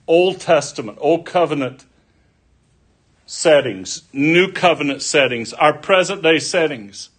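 A man preaching a sermon, deliberate and folksy, mixing scripture with homespun stories. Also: a little high, animated, fairly bright tone, husky.

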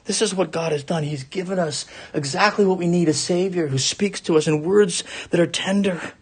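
A man's voice: high-pitched, normal speed, breathy edge. A man preaching an earnest expository sermon from the pulpit as a pastor.

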